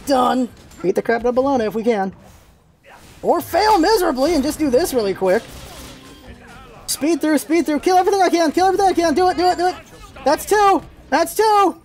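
A gaming video host calling out live gameplay, excitable and shouting, repeating calls and teasing opponents. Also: sits high, brisk, soft background music. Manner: teasing, talks to enemy players.

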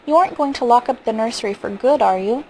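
A woman reading the part of a spoiled young boy, speaking coldly and defiantly, a little higher than her own voice. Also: quick pace, a little mellow, slight background noise, close to an everyday voice, low-quality recording. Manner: cold and defiant.

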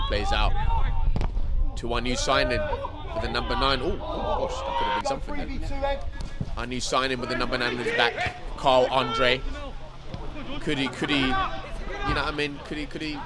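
A young man giving excitable, partisan commentary on his club's match outdoors. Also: medium pitch. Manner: excitable, partisan, casual slang. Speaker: club commentator. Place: outdoors at a football pitch. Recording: loud crowd around the mic. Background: crowd noise.

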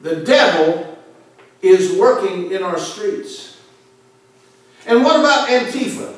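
High-voiced preacher man in an echoey church. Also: lively intonation, slow pace. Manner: emphatic, forceful preaching with sudden drops in volume. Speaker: pastor. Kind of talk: fiery sermon. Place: church sanctuary. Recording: echoey church hall from far off.

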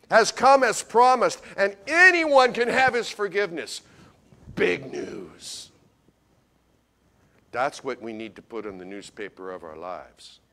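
A male pastor delivers a sermon in a fairly high voice that leaps up and down with lively expression. He is folksy and speaks right to the congregation, moving between loud bursts and hushed asides. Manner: animated storyteller, swings from loud to hushed; folksy, addresses congregation directly. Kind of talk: Christmas sermon.

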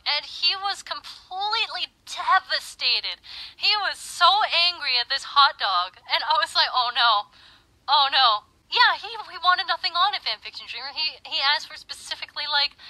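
A young woman telling an animated, exaggerated story in a casual way as a livestreamer. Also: high-pitched, no echo, rough recording.

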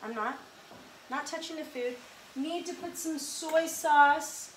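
A woman's voice: sits high, slow pace, distant mic, slight background noise. Chatty woman rambling while cooking. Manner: rambling, self-deprecating, chatty with many fillers. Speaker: home cook vlogger. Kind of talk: casual cooking vlog chat. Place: home kitchen. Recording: echoey kitchen with faint ambience.

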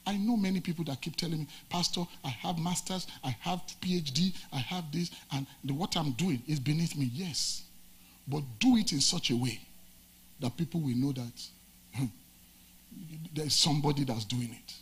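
A male pastor preaching a sermon, from Nigeria, with dramatic swings between loud emphatic lines and low quiet ones. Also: normal speed, slightly rough.

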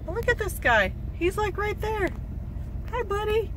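A woman's voice: very high-pitched, sing-song, moderate pace, noisy background. A woman vlogging a road trip, gushing and a bit out of breath as she talks to her camera. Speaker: RV travel vlogger. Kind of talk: excited travel vlog. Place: outdoors by a geyser, then inside her vehicle.

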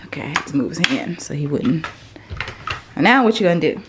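Fairly quick and animated, this low-pitched woman's voice belongs to a US vlogger mom chatting with viewers and her baby at home. Background noise and faint ambience come through on a roomy, somewhat distant mic.

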